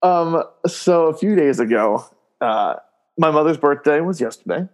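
A man's voice: fairly high pitch, moderate pace. A man guesting on a podcast, telling family stories in casual chat, often laughing and filling his talk with "like" and "um". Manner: animated storyteller, laughs often, voices loud screams in stories; many fillers like "like" and "um".

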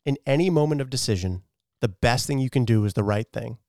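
A man's voice: medium pitch, animated, fairly quick, darkish tone, dry recording, clean studio sound. A man co-hosting a podcast, chatting casually, swearing often and laughing easily. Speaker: podcast co-host.

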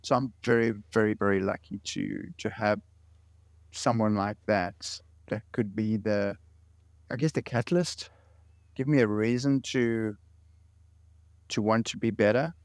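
A man's voice: lowish voice, unhurried, pauses often, dry recording. A man in his late forties, a guest in an interview, telling stories earnestly and often repeating words. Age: late 40s. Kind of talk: interview conversation.

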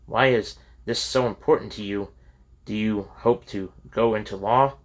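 A man reading the lines of a firm older college president who lectures a student calmly. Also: lowish voice, measured pace.

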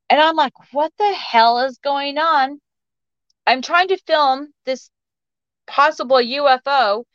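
A woman's voice: on the high side, sharp tone, smooth, no echo. A woman guest telling personal stories in a rambling way, with lots of fillers and restarts. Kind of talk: casual storytelling interview. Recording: dull lo-fi audio.

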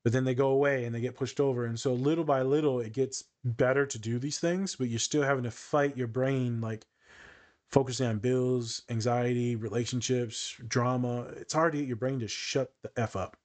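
A man's voice: mid-range voice, normal speed. A young man co-hosting a podcast as a therapist and meditation teacher, joking and swearing freely in casual chat. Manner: animated, joking, swears freely, does voices when telling stories.

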